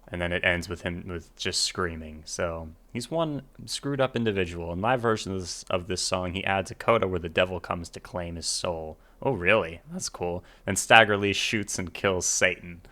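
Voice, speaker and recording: Deep-voiced man reacting to a song. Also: normal speed. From United States. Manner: reads notes aloud, trails off quietly, chuckles. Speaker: music reaction host. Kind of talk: casual reaction commentary reading annotations.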